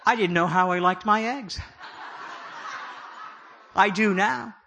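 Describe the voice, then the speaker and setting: High, bright-voiced joking preacher man. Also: slow, creaky, a little hiss or hum. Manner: jokey, animated, self-deprecating asides. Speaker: prophetic speaker. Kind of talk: humorous sermon storytelling.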